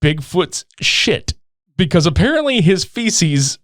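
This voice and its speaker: A man's voice: high voice, sing-song, slow pace, fairly bright tone, no room sound, studio quality. A man co-hosting a podcast in loose, profane casual chat, laughing often. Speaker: podcast co-host.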